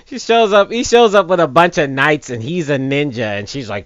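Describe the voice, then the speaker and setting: A man giving casual let's play commentary, joking and mocking the game in an animated way. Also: a little high, normal speed, no echo, dull audio.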